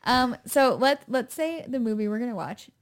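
Young woman, podcast co-host, casual chat, giggly, lively intonation, laughs often. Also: on the high side, normal speed.

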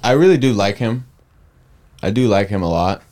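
A man's voice: lowish voice, expressive, moderate pace, darkish tone. A man co-hosting a casual podcast, a laid-back storyteller who rambles into asides. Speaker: podcast co-host.

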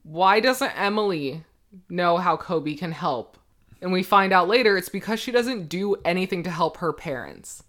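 A woman's voice: on the low side, normal speed, fairly bright tone. A young woman co-hosting a podcast, giving casual, indignant opinions on a reality show and laughing often. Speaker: podcast co-host.

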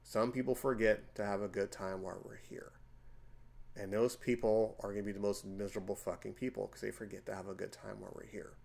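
A man in his forties hosting a casual podcast chat, telling stories with loud, emphatic bursts. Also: on the low side, flat delivery, brisk, vocal fry. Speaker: podcast host.

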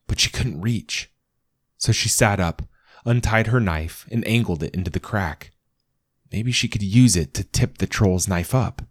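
A man narrating a storybook aloud in a measured storytelling manner. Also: low voice, no room sound, studio quality. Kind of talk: scripted narration.

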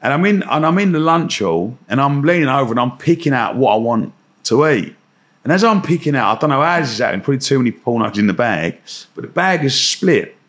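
A man's voice: medium pitch, fairly quick. A young adult man, telling a story as a podcast guest and acting out the voices of the people in it. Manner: animated storytelling, acts out voices. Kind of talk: anecdotal storytelling.

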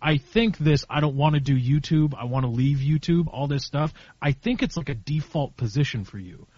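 A man's voice: a little high, normal speed, darkish tone, husky, dry recording. Guy giving a buddy straight talk, keeps restarting, dry close sound, a bit dull. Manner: blunt, repeats and restarts while making a point. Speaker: friend giving advice. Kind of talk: earnest group conversation.

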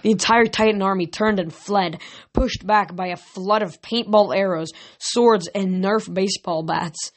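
A woman's voice: mid-range voice, a little slow. A woman reading a novel aloud as an audiobook, with small slips and restarts. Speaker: reader.

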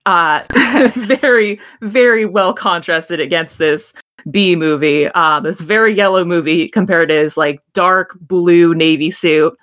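A woman running a tabletop game with a somewhat low voice. She narrates in a rambling, self-deprecating way, piling on detail. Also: measured pace, a bit bright. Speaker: game master.

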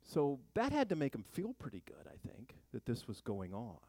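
A man's voice: medium pitch, wildly swooping pitch, moderate pace, warm tone, dry recording. A man teaching a Bible study in a chatty sermon style, full of joking asides and rhetorical questions.

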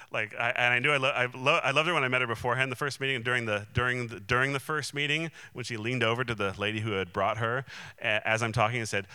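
A man's voice: medium pitch, sharp tone, clear, resonant tone, dry recording. A man, a Christian minister, telling a personal testimony in an earnest, candid and emotionally open way. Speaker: Christian minister and conference speaker.

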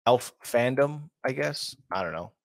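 A man's voice: medium pitch, animated, a little slow, gravelly, dry recording. A man hosting casual reaction commentary in a slangy way, with lots of fillers. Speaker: host.

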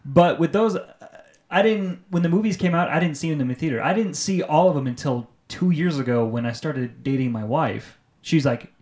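A young man co-hosting a casual podcast, his voice sitting a little high for a man. He jokes, laughs a lot and sometimes breaks into a quick sung bit. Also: darkish tone. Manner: laughing, joking, sometimes sings. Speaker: podcast co-host. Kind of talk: casual chat.

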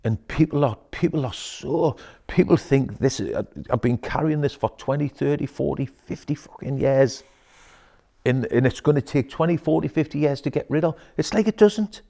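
A man talking as an interview guest in a wellness centre. He is animated and quick to swear, peppering his talk with "aye" and "mate.". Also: a little high, creaky. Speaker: guest, emotional intelligence coach. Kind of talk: casual interview chat.

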